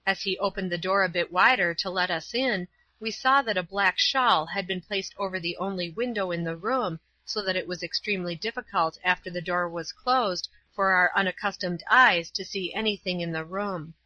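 A woman reading a storybook aloud in a measured, clear first-person narration. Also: lowish voice, pushed and bright, no echo. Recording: slightly dull, dry.

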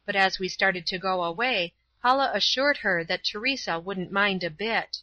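A woman reads a storybook aloud, calm and measured, her voice bright and clear. The recording is dry and slightly dull, with no room sound. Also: mid-range voice, no room sound. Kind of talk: storybook narration.

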